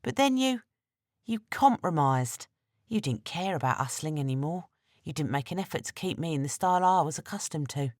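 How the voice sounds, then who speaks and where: A woman voicing a reproachful, hurt young woman in an audiobook, speaking higher and quicker than her narration. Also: lively intonation, darkish tone, dry recording, studio quality.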